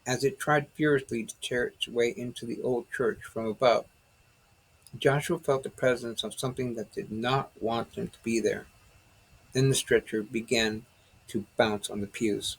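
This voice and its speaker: A man narrating his own novel as an audiobook, in steady dramatic storytelling. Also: medium pitch, moderate pace, breathy edge, low-quality recording.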